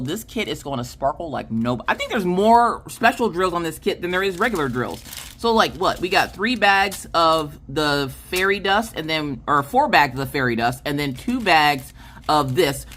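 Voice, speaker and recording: A woman hosting a craft unboxing video, chatting casually and excitedly and correcting herself as she goes. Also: deep voice.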